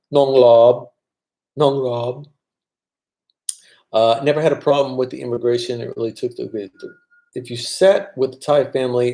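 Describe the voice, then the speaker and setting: A vlogger on a live stream casually reads viewer comments aloud and answers them. His voice is medium-pitched with a warm tone.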